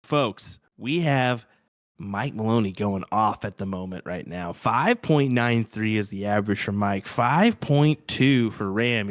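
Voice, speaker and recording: A man's voice: medium pitch, no room sound, studio quality. A man giving live darts commentary, bantering and teasing his co-commentator. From Texas.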